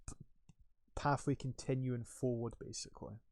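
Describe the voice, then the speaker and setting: A man's voice: mid-range voice, steady tone, moderate pace, a little mellow, slight background noise. A young man narrating a tabletop game as game master, rambling with many fillers. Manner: rambling, loose, full of fillers.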